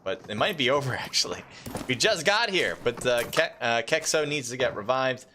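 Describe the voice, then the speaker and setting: In a mid-range voice at a moderate pace, a male caster provides live commentary on a mobile battle royale match. He explains things calmly, erupting loudly at the big plays, with slight background noise behind him.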